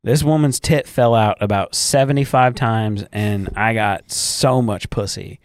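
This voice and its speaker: A man's voice: fairly low pitch, a little slow, no room sound, clean studio sound. A man telling a crude story in casual podcast chat, cursing freely and acting out voices. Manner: profane, animated retelling with quoted voices. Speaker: podcast co-host.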